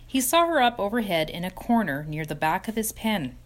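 A woman narrating a children's book chapter in an expressive storytelling voice. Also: mid-range voice, a little fast. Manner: expressive, sing-song storytelling. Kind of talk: storybook reading.

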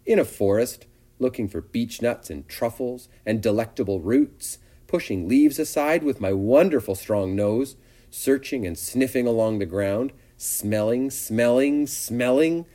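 A man's voice: medium pitch, measured pace, mellow, voice pushed up, close to an everyday voice. A man reading a storybook aloud and voicing a naive, eager young male pig who is easily hurt. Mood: dreamy.

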